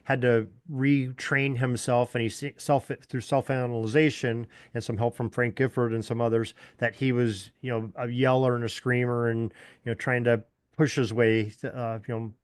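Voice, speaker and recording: A man hosting an interview. He speaks at a middling pitch in a loose, rambling way, full of fillers and restarts. The recording is dry and close. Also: flat delivery, normal speed, smooth, dry recording. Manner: rambling, lots of "you know" fillers. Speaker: podcast host. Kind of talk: casual interview chat.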